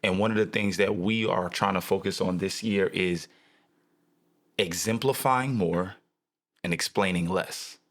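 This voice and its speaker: A young adult man co-hosting a podcast in casual chat, animated and jokey with a preacher-like emphasis. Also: sits low, measured pace. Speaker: podcast co-host.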